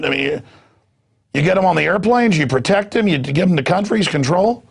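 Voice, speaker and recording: A heavily gravelly, husky male voice with a slightly raised pitch, ranting through a fired-up political monologue as a news show host. He mocks others by jumping into shrill put-on voices, then drops back down to his own rough delivery. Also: expressive, fast.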